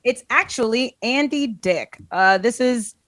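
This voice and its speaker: A woman comedian hosting a casual interview show, reading celebrity messages aloud in a playful, animated way. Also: a little high, a little slow, dry recording. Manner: playful, animated, puts on voices when reading quotes. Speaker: comedian host.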